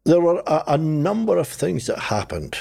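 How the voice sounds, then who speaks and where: Husky older New man. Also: on the high side, moderate pace. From New Zealand. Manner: animated storyteller, acts out his own past voice and others. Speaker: guest telling his faith story. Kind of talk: conversational testimony.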